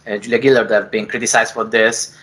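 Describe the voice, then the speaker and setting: A man's voice: on the low side, flat delivery, brisk, fairly bright tone, poor audio. A man giving an academic seminar presentation, hesitant, with frequent fillers and self-corrections. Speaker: academic speaker.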